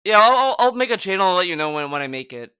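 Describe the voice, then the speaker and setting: A man with a bright, smooth and somewhat high voice talks through a casual podcast chat. He rambles loosely, piling on fillers and starting sentences over. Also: very animated, very fast. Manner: rambling, filler-heavy, frequent restarts. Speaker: podcast co-host.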